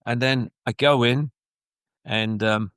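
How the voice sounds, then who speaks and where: A man's voice: medium pitch, slow, clean tone, no room sound, studio quality. An older man, a former footballer, telling long rambling stories in an interview and acting out other people's lines. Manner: rambling, animated, acts out quoted voices. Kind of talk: anecdotal interview storytelling.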